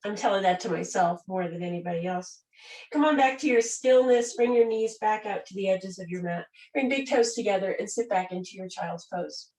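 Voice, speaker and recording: Calm woman guiding yoga in a roomy space. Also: mid-range voice, a little fast. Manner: calm, gentle, soothing guidance. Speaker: yoga teacher. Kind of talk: guided yoga and breathing class. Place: room where she does yoga on a mat. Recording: roomy sound from a distant mic.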